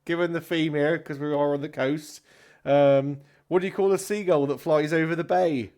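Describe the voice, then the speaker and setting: A man's voice: on the high side, steady tone, moderate pace, darkish tone, voice pushed up, natural voice. A man doing a brash pun-cracking tavern comedian. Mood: showy. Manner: brash, punchy stage delivery. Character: cheesy male tavern comedian, pun-loving showman.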